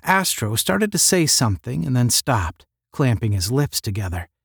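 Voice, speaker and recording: Man, audiobook narrator, animated pitch, dry close-mic sound. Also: moderate pace, vocal fry, husky, dry recording. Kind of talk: audiobook reading of a 1950s novel.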